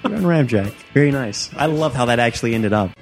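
Young male podcast co-host, playful banter, animated, faint music under. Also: medium pitch, fast. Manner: animated, jumps into silly voices and gasps. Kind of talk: casual comedic banter.

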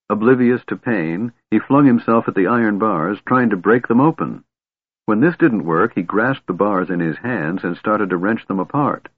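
A man narrating a fantasy novel aloud in a measured, steady storytelling manner. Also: on the low side, husky, no echo. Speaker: audiobook narrator. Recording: tinny narrow-band recording.

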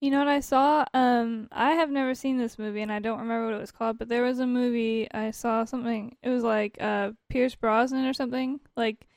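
A young woman co-hosting a casual podcast, her voice sitting high as she giggles and trails off mid-thought. It is recorded close and dry, with no room sound. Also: fairly even intonation, brisk, creaky, hardly any pauses, no echo. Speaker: podcast co-host. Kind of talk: casual chat.

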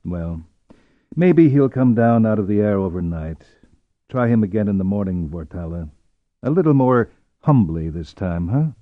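A man's voice: on the low side, animated, moderate pace, no echo, phone-quality sound, pitched below the performer's own voice, lightly acted. A man voicing a dry-witted, snappish middle-aged officer in an audiobook.

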